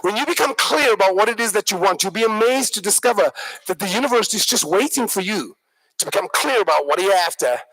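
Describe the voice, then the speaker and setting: A man giving a live motivational workshop talk, an animated, joking storyteller who addresses the audience directly. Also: high voice, fast, low-quality recording. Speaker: workshop speaker.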